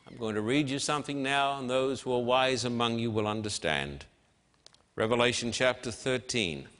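Slow, bright-voiced male preacher in a hall. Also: mid-range voice. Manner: emphatic, measured preaching with dramatic pauses. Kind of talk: sermon. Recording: long hall reverb.

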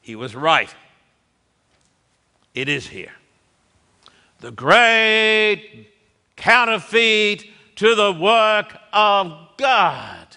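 A man preaching a sermon in an emphatic, deliberate way. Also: high-pitched, very animated, sharp tone, clean tone, in a large hall.

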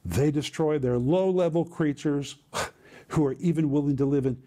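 A man's voice: a little high, moderate pace, dark tone. A man teaching scripture in a preaching style, emphatic and fond of repeating phrases for stress. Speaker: Bible teacher.

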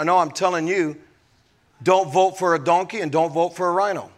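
A man's voice: high voice, fairly even intonation, moderate pace. A man preaching a sermon as pastor, emphatic, with folksy asides.

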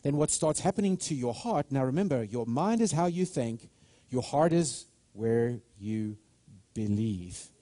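Fervent preacher man, warm and dry. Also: medium pitch, animated, measured pace, no echo. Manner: fervent, repeats and restarts words, quotes imagined voices. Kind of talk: sermon.

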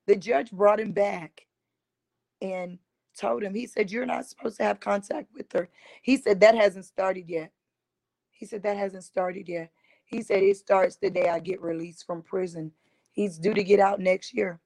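A woman's voice: medium pitch, a little mellow, dry recording, low-quality recording. A woman, a domestic violence survivor and advocate, earnestly recounting her experience, often quoting what was said. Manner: earnest retelling, quoting others with "I said". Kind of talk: emotional personal testimony.

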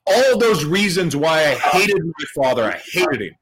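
A man giving a personal testimony speech to an audience, earnest and emotional, repeating phrases for emphasis and dropping to a hush at tender moments. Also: fairly high pitch, very animated, a little slow, noisy background. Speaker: motivational speaker sharing his life story.

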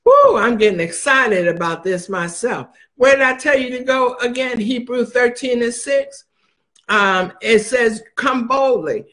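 Preacher: man with a very high voice, emphatic, drives points home by repeating them. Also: unhurried, fairly bright tone. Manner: emphatic, repeats phrases for stress. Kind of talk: sermon.

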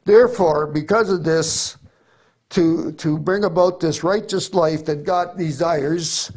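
A man's voice: on the high side, slow pace, darkish tone. A middle-aged man preaching a sermon, reading scripture with earnest emphasis.

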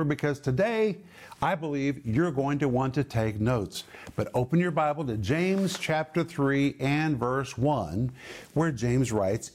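A man hosting a televised Bible teaching, speaking earnestly and emphatically, slowing down to stress key phrases. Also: medium pitch, darkish tone. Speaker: Bible teacher and TV ministry host.

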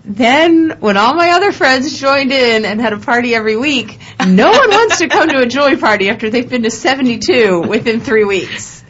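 A woman's voice: a little high, animated, fairly quick, hardly any pauses, fairly bright tone. A middle-aged woman hosting a casual chat show, chatty and jokey, poking fun at herself. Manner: chatty, jokey, self-mocking. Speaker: host. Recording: dull lo-fi sound.

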